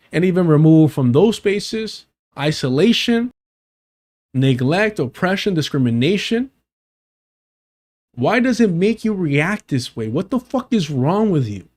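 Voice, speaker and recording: Male live-streamer, reacts to debate clip, swears a lot, incredulous and heated, slightly high voice. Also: a little mellow.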